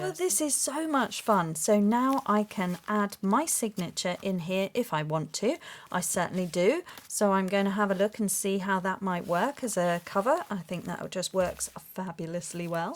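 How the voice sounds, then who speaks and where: A woman hosting a craft video, chatting casually and gushing with excitement as she opens a parcel. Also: mid-range voice. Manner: gushing, excitable, with gasps and exclamations. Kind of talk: casual unboxing chat.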